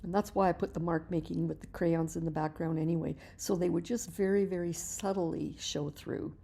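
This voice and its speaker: A middle-aged woman teaching mixed-media painting in a relaxed, chatty voice-over, explaining each step as she works and often restarting her words. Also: fairly low pitch, moderate pace, vocal fry. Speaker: art teacher.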